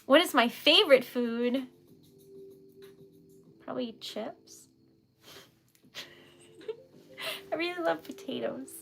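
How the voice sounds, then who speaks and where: Young woman, livestream host, giggly, rambling, fairly high voice, soft music behind. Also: slow pace, creaky, pauses often. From New England. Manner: giggly, emotional, rambling with fillers. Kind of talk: casual chat with live viewers.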